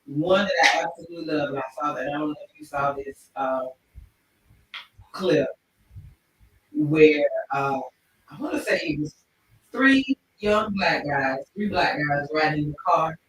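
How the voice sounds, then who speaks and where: A woman hosting a casual livestream chat show, telling stories in an animated, expressive way. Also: sits low, unhurried, pauses often, a little hiss or hum. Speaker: talk show host. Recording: echoey room, distant mic.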